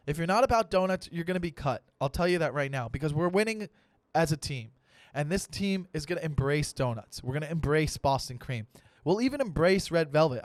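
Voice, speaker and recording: A man in his thirties, a comedian hosting his own podcast, delivering a comic solo monologue in an animated, profane rant with mock-serious pep talks. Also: fairly high pitch, no room sound. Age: 30s.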